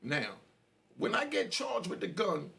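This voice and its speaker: A middle-aged man, a podcast host telling a street story in an animated, slangy way. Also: high-pitched, unhurried, vocal fry. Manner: animated, slangy, frequent "you know".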